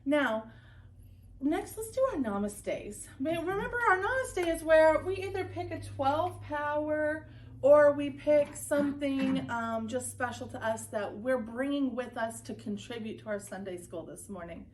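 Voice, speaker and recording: A woman's voice: sits high, unhurried. A woman teaching a children's Sunday school class, leading chants and group breathing with upbeat energy.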